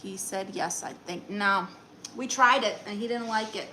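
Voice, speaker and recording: A woman's voice: medium pitch, moderate pace, sharp tone, slight background noise. A woman with a Brooklyn accent reading live chat comments aloud and answering them with sassy, teasing banter in a brash aunt persona.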